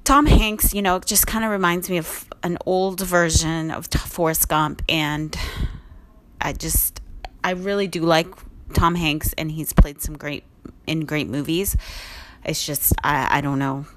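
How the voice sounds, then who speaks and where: Woman podcast host, lower-pitched, encouraging and chatty, loose off-the-cuff delivery. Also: steady tone, unhurried. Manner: upbeat, encouraging, rambling with restarts. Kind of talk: casual motivational talk.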